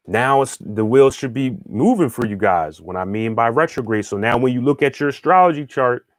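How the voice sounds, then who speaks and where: A man talks through a spiritual lesson in a loose, conversational flow, repeating himself and restarting phrases as he thinks aloud. He keeps checking in with the listener as he goes. His voice sits at a middling pitch, and the sound is dry and close. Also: no room sound. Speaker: spiritual teacher and astrologer. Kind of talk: casual teaching monologue, answering viewer questions.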